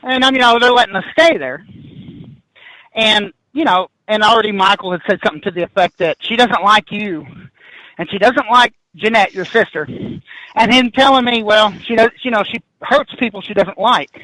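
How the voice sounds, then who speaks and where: A man in his fifties, appearing as a guest paranormal investigator on a podcast, tells a spooky story with animated excitement, restarting sentences and laughing along the way. His voice is high-pitched at a normal speed, with no room sound but poor audio quality.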